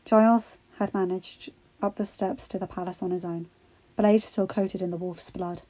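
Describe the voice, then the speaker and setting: A woman narrating a fan-fiction story in a steady, expressive reading. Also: medium pitch, normal speed. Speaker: audiobook reader. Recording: dull lo-fi recording with faint music.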